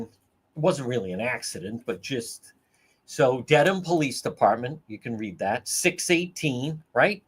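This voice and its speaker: A man's voice: mid-range voice, breathy edge. New guy ranting on his livestream, swears a lot, laughs, voice jumps all over. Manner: profane, laughing, animated storytelling. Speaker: livestream host. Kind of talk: casual livestream commentary.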